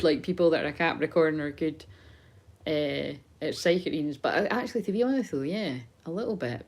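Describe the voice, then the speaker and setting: Low-voiced woman, rambling psychic chat. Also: a little mellow, low-quality recording. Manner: rambling, chatty, swears casually, laughs often. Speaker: psychic tarot reader. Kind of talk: casual live-stream chat.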